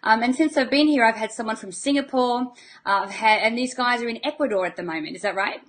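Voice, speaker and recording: A woman's voice: fairly high pitch, fast. Woman hosting a friendly interview. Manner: friendly, summarizing the guest's ideas. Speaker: host.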